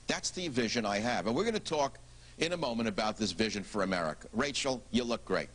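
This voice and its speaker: A male television talk show host with a voice of ordinary, mid-range pitch. He speaks bluntly and emphatically, pushing his points with rhetorical questions. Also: animated, fast, a bit bright.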